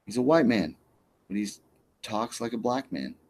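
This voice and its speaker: A man hosting a casual chat, rambling and hesitant, often trailing off quietly. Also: fairly low pitch, expressive, normal speed, a crowd in the background. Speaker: podcast host.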